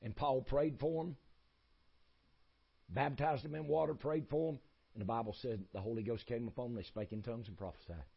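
Male preacher, husky folksy delivery, emphatic repetitive sermon cadence. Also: mid-range voice, fairly even intonation, a little fast, dull audio.

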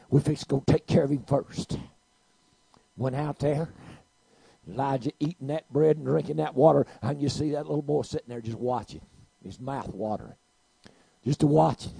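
A man preaching a sermon, telling a story and swinging from quiet to loud. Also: mid-range voice, creaky, husky, dry recording, low-quality recording.

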